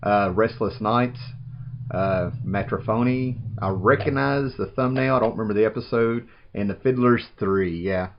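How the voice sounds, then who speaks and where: A man's voice: on the low side, moderate pace. Rambling man, lo-fi. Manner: rambling, enthusiastic, says "man" often. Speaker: vlogger unboxing a package. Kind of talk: casual unboxing chat. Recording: dull lo-fi home recording.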